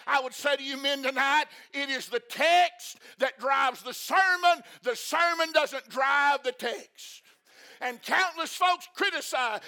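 Fervent man preaching, very high voice, slow deliberate delivery, repeats himself. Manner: fervent, repeats phrases, bursts into shouting. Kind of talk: impassioned sermon.

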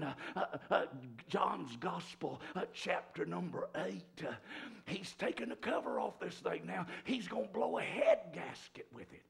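A male preacher, delivering a sermon that swings from shouts to hushed whispers. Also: sits high, gravelly, breathy edge.

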